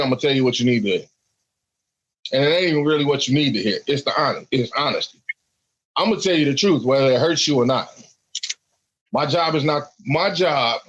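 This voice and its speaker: A man's voice: a little high, a bit bright, dull audio. A man co-hosting a casual podcast chat, speaking in a blunt, matter-of-fact way. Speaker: podcast co-host.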